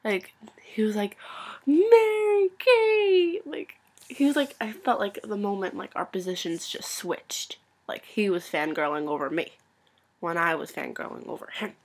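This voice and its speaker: A woman's voice: on the low side, moderate pace. Gushing young woman, fangirl storytelling. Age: young adult. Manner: gushing, breathless, constant "like" filler; swings between loud excitement and hushed whispers. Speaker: vlogger. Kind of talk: excited storytelling vlog.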